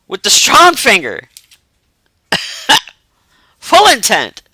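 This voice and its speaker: A man with a high, piercing voice rambles to his live-stream audience, profane and animated. He puffs himself up into mock outrage and then laughs at himself. The sound is close and dry, with no room around it. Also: slow pace, gravelly, long pauses, slightly rough, no echo. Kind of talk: casual live-stream chat.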